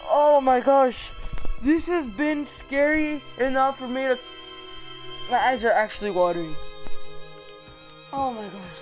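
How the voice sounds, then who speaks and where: A woman commenting on a horror game as she plays, excitable and repeating her exclamations. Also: sits high, unhurried, long pauses, poor audio. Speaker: gamer. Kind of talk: let's play commentary. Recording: game music behind. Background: game music.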